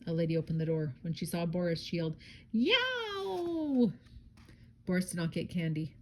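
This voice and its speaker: A woman's voice: low-pitched, little pitch movement, racing, dark tone, a little hiss or hum. A mother reading a children's picture book aloud expressively, dropping in chatty asides of her own.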